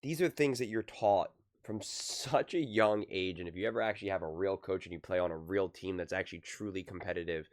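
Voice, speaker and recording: A man's voice: deep voice, fairly quick, hardly any pauses. A young man giving casual, emphatic sports commentary, often acting out what others say. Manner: animated, emphatic, acts out quoted voices. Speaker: commentator reacting to a sports debate show.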